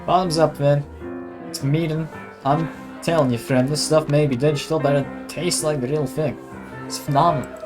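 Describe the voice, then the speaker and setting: A man's voice: fairly high pitch, measured pace, music in the background, natural voice. A man voicing a friendly cowboy sheriff in a game, with a drawled, folksy manner and an attempted American accent. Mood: hearty.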